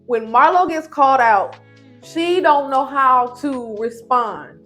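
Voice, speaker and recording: A woman recaps a reality show in a casual, animated, slangy way, full of opinions. Her voice sits a little higher than most women's, and faint music plays underneath. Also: takes it slowly. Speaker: TV show reviewer.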